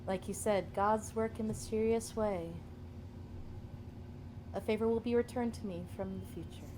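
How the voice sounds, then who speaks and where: A woman player in a tabletop game, speaking in character, casual and unhurried. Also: medium pitch, steady tone, background noise. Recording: clear music underneath.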